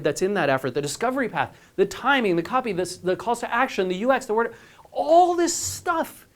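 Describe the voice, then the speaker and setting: A man speaking on stage at a conference in an energetic presenting style. He often turns to the audience with "right?" and repeats his words as he restarts a thought. He sounds like a company chief explaining an idea to a crowd. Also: sits high. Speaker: company CEO giving a conference talk.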